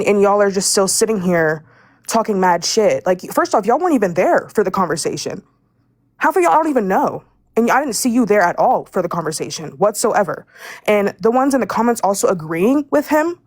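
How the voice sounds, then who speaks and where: A young woman speaking in a live audio room, furious and stumbling over her own words. Her voice sits at an everyday pitch and sounds dry and close, with no room around it. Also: no echo. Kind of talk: heated live call-in rant.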